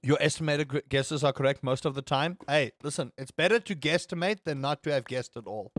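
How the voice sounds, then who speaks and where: A male gaming streamer talking to his chat in a loose, joking way, with the odd swear word thrown in. His voice sits on the higher side for a man. The sound is close and dry, with no room on it. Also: a little fast, fairly bright tone, dry recording. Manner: chatty, joking, swears freely. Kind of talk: casual game commentary.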